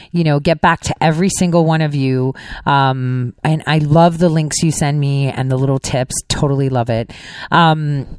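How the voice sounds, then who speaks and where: Animated woman talk show host. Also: no echo. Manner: animated, swooping up in pitch for emphasis. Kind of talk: casual radio talk show monologue.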